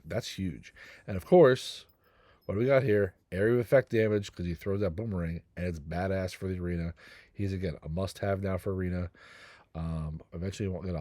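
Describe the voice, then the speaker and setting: A man's voice: sits low, dark tone, dry recording. A middle-aged man hosting a gaming channel, talking through a game guide in a rambling, jokey, self-deprecating way. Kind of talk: casual game guide commentary.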